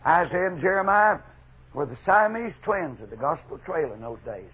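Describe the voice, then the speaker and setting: A middle-aged man preaching a fervent revival sermon, moving from loud exhortation to hushed asides. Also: fairly high pitch, big pitch swings, normal speed, slightly rough. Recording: dull lo-fi archival sermon recording.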